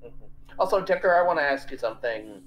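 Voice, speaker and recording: Man, podcast guest, low-key, casual chat, animated pitch. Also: a little fast, poor audio.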